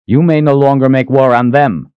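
A man voicing a defiant young male hero who wields magic, speaking forcefully and with measured threats. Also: medium pitch, clear, resonant tone, no echo, lo-fi sound, pitched above the performer's own voice, lightly acted. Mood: commanding.

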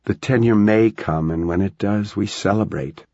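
A level-headed, firm wife and mother, as a gravel-voiced male narrator puts her on, talking softly and evenly. The voice sits low and grainy. The recording is dry and a little muffled. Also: moderate pace, no echo.

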